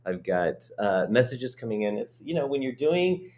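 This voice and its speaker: A man's voice: mid-range voice, sing-song, normal speed, darkish tone. A middle-aged man hosting a casual livestream chat from a hotel suite, rambling and joking at his own expense. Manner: chatty, rambling, self-joking. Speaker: host.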